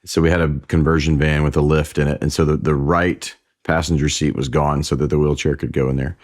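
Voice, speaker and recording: A man who is a singer-songwriter, talking as an interview guest and telling relaxed stories, with some restarts. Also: rumbling low, fairly quick. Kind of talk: conversational interview.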